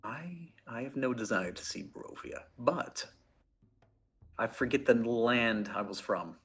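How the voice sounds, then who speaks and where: A man's voice: mid-range voice, expressive, measured pace, fairly bright tone, slightly rough. A man playing his character in a tabletop game, with an inquisitive, wry manner. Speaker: player.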